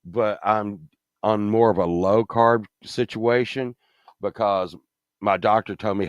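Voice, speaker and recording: A man's voice: lowish voice, fairly even intonation, slow pace, clear, resonant tone, no room sound. A man in his fifties telling a story in a casual, profane, rambling way, swinging from mumbling asides to indignant rants. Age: 50s.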